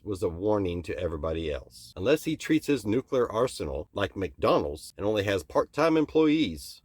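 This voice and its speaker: Blunt, cursing American host venting his opinions; lowish voice, dry close sound. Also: a little mellow, dry recording. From United States. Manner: blunt and profane. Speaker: channel host. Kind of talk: opinion rant to camera.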